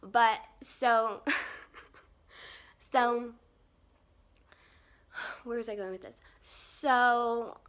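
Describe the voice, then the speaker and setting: Young woman, fashion vlogger, bubbly, rambling, giggly, slightly high voice, phone live stream. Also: steady tone, extremely slow, long pauses, a bit bright. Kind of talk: casual outfit vlog.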